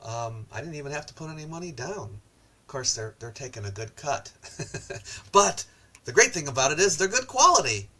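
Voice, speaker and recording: A man's voice: fairly high pitch, big pitch swings, normal speed, bright, forceful tone. A man hosting a casual livestream about ancient history, chatting loosely with viewers and reading their comments aloud between frequent ums and uhs. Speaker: host and ancient history lecturer.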